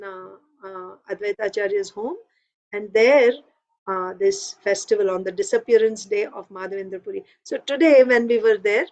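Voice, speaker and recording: Woman, scripture class, devotional storytelling, chatty with fillers, somewhat high voice. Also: a little mellow, highs cut off. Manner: conversational, with frequent fillers. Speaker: speaker giving a scripture class.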